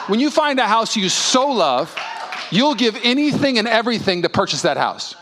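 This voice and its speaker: High-voiced animated male pastor. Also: brisk, slight background noise. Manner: animated storytelling, acts out dialogue. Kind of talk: sermon. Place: church service.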